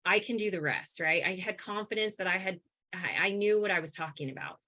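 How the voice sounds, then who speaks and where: Interview guest: woman, 30s, bright, animated, filler-heavy telling of her own story. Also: medium pitch, a little fast. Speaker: guest, coaching business owner. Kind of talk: casual interview.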